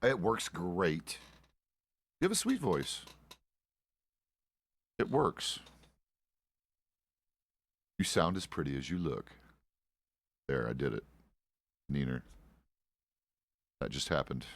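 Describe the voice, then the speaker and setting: A man's voice: extremely low pitch, lively intonation, slow pace, long pauses, dry recording. A man streaming a western roleplay game, chatting casually in character as a deputy with loose, profane, rambling asides.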